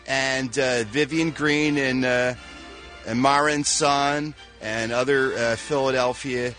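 Playful bright-voiced male radio host. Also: mid-range voice, slow pace, faint music behind. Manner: playful, teasing, animated delivery. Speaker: showbiz news host. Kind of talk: casual morning radio chat.

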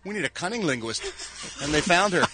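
A man's voice: on the high side, big pitch swings, brisk, sharp tone, faint music behind. A man hosting a radio show, joking his way through entertainment news in casual chat. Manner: wisecracking, reading news items.

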